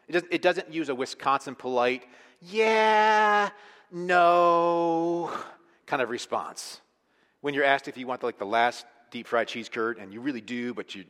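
A man preaching a sermon as pastor, emphatic, moving between hushed and forceful delivery. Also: medium pitch. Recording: long hall reverb.

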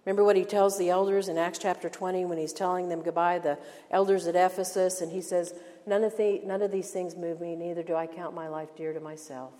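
An older woman teaching a women's Bible study in an earnest, emphatic sermon style, slowing down to stress key phrases. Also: lowish voice, level tone, warm tone. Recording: long hall reverb.

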